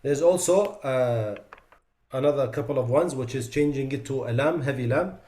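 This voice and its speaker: A man leads a recitation class and walks through common pronunciation mistakes one by one. His voice sits at a middle pitch, and he switches between reciting examples clearly and quietly correcting them. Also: moderate pace. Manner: demonstrates sounds by reciting them, then drops his voice to correct them. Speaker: Quran recitation teacher. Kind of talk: tajweed lesson.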